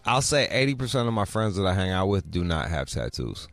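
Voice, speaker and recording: Soft background music accompanies this middle-aged podcast co-host, whose low, creaky voice has a sing-song lilt and a fairly quick pace. He chats casually and bluntly, swears often and imitates voices in anecdotes.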